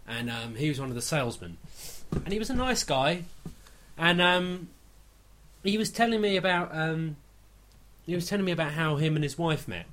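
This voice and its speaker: Young male podcast host, animated storyteller, expressive pitch. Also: normal speed, a little hiss or hum. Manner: animated, storytelling with lots of repeated "no, no". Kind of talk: casual chat.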